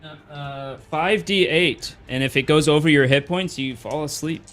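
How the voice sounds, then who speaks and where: A man from Canada narrating a tabletop game as dungeon master, halting with fillers. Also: a little high, a bit bright. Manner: slow, halting narration with many fillers and laughs.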